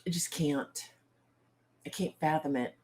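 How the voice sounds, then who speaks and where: A woman's voice: deep voice, measured pace, darkish tone. A woman hosting a casual livestream chat, blunt and outspoken, with salty turns of phrase and questions thrown straight to her viewers. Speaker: author and livestream host.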